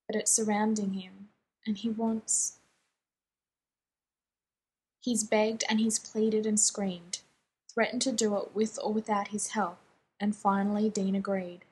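Very breathy woman reading fan fiction. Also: medium pitch, darkish tone, low-quality recording. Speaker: narrator.

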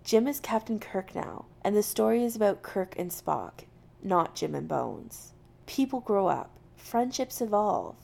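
A woman reading a piece of fiction aloud in a steady, matter-of-fact way. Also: medium pitch, unhurried, gravelly. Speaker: reader.

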